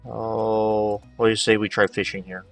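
A man's voice: on the low side, level tone, normal speed, fairly bright tone, distant mic, faint music behind. A man giving casual gameplay commentary, chatting to the characters as he plays. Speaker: let's play host.

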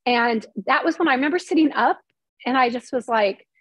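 Middle-aged woman, kinda husky, higher voice, spilling a personal story in an interview, candid and emotional. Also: a little fast, a bit bright, dry recording. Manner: candid and emotional, acts out quoted lines. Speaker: interview guest, former TV reporter.

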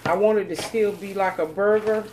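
A woman's voice: mid-range voice, steady tone, normal speed, darkish tone, a little hiss or hum. A woman, chatting folksily to viewers as she demonstrates cooking in her home kitchen. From North Carolina, USA. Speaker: cooking channel host.

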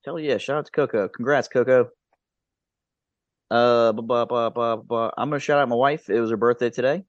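A man's voice: mid-range voice, fairly even intonation, normal speed, dry recording. A man in his thirties co-hosting a podcast in loose casual chat, stammering through restarts and laughing as he goes. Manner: laid-back, stammering restarts, swearing and laughing. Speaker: podcast co-host. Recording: dull lo-fi podcast audio.

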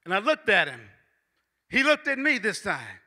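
A man preaching a sermon as a church elder, with a repetitive cadence that builds into shouting. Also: sits high, huge pitch swings, normal speed, long reverb tail. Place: church sanctuary.

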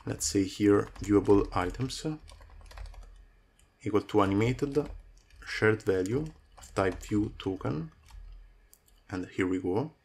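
Man with a low voice explaining code. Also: slow, creaky, pauses often, a little mellow, breathy edge. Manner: talks through code with many fillers. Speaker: coding tutorial host. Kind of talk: screen-recorded coding tutorial.

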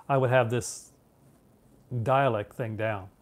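Taking things slowly, a Canadian man in his thirties talks casually with viewers about films in a mid-range voice with fairly even intonation. He answers their questions in a rambling way, full of restarts, fillers and frequent laughs.

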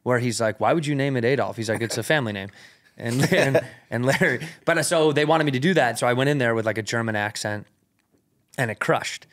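A man with a mid-range, slightly bright voice talks fairly quickly as a comedian guest on a podcast, telling a long story into a studio mic. He swears freely and leans on slang like "like" and "rad."

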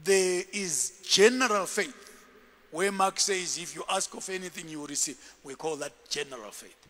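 A man preaching a sermon as a bishop, dramatic and animated, jumping from shouts to low murmurs. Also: normal speed, big-room sound.

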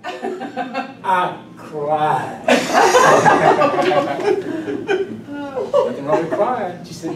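Older man telling funny stories. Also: very high voice. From South Carolina, US. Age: 60s. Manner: lively, drawn-out storytelling with emphatic buildups. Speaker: club speaker. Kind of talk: humorous personal storytelling speech. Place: club meeting room. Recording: echoey room, distant mic, background noise.

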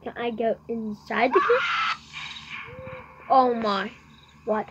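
A woman hosting a let's play video, rambling and excitable, shrieking whenever something surprises her in the game. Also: on the high side, slow, pauses often, noisy background. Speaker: gaming video host.

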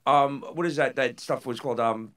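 A man's voice: medium pitch, moderate pace, fairly bright tone. A man hosting a casual interview chat, telling loose, profane stories full of fillers and restarts.

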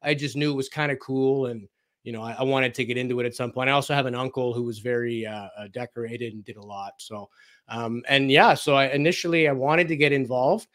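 A man in the guest seat of a radio interview, chatting casually as he tells stories. He acts out what other people said, slipping in fillers as he goes. His voice sits at an ordinary middle pitch for a man. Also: fairly quick, fairly bright tone. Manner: anecdotal, acts out quoted dialogue, frequent fillers.

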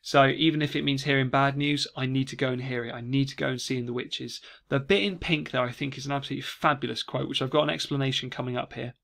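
Casting: male teacher, mid-pitched, relaxed and chatty revision talk. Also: quick pace, vocal fry, hardly any pauses. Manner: chatty, lively reading of quoted lines. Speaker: English teacher. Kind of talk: casual revision lesson.

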